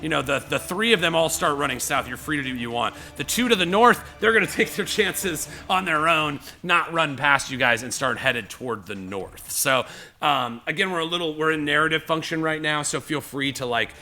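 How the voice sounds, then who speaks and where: A man's voice: a little high, normal speed, faint music behind. A man narrating as game master, rambling with many fillers and acting out the scene. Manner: rambling, lots of "you know" and "like"; animated, acts out scenes.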